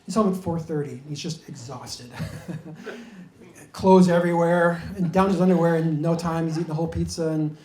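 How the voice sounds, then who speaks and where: High-voiced man doing self-deprecating stand-up. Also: fairly even intonation, normal speed, a little mellow, reverberant. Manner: self-deprecating, bumbling storyteller. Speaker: stand-up comedian. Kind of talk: stand-up comedy set.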